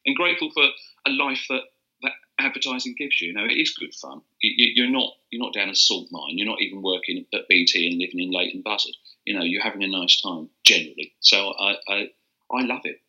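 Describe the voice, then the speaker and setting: A man's voice: fairly low pitch, brisk, bright, forceful tone, highs cut off. An older man, a copywriter telling rambling anecdotes with restarts in a casual interview. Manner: rambling storyteller with restarts and chuckles. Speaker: interview guest, advertising copywriter.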